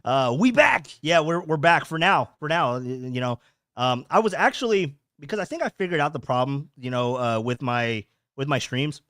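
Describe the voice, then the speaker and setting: A young man hosts a casual podcast livestream from a home streaming setup, rambling, repeating himself, and reading chat comments aloud. His voice is a little high, expressive, and fairly bright at a normal speed, with studio-quality sound and no room sound.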